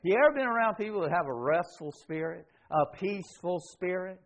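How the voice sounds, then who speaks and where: Lively high-pitched man preaching a sermon. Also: a little fast. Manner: preaching with strong swings between loud emphasis and soft, quiet delivery. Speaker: pastor. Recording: dull lo-fi sound.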